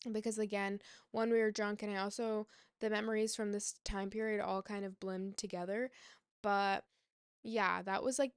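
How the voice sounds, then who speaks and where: Smooth-voiced woman telling a personal story. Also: medium pitch, no room sound, clean studio sound. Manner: candid, halting, rambling retelling. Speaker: vlogger.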